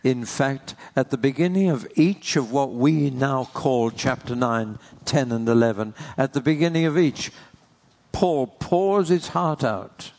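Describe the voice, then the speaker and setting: A man's voice: medium pitch, a little mellow. A man preaching a sermon in an earnest way, posing rhetorical questions to the congregation.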